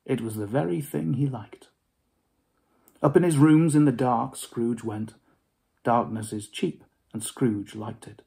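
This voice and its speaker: A man giving a dramatic storybook reading, expressive and dropping to hushed whispers for suspense. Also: mid-range voice, a little slow, vocal fry, breathy edge.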